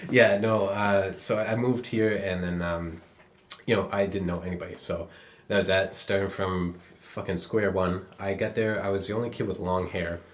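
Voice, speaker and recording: A man's voice: deep voice, steady tone, normal speed, a little hiss or hum. A young Canadian man co-hosting a podcast, telling stories in a rambling, profane way full of fillers. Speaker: podcast co-host. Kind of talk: casual chat.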